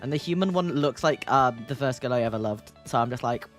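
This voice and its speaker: A woman streamer reading a game aloud between teasing, giggly asides. Her voice sits low but bounces up and down a lot. Soft music plays underneath. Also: lively intonation, brisk. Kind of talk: casual commentary while reading a game aloud.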